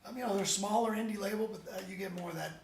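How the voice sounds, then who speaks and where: A man, a band member guest, chatting casually in an interview as an animated, rambling storyteller with many restarts. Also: high voice, rapid-fire, slight background noise. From United States. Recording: roomy echo, distant mic.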